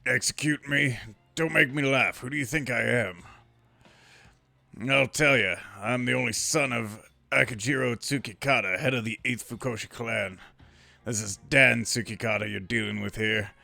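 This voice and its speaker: A man's voice: medium pitch, moderate pace, creaky, pushed and bright, no echo, full character voice. A man reading game dialogue aloud, voicing a cocky, tough young male brawler who talks back with defiance. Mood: defiant.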